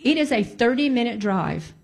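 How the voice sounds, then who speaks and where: A woman telling a personal testimony in a casual, conversational way. She is animated and emphatic, and she repeats key points to stress them. Her storytelling breaks into prayerful exclamations. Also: fairly high pitch, normal speed, creaky, slightly rough.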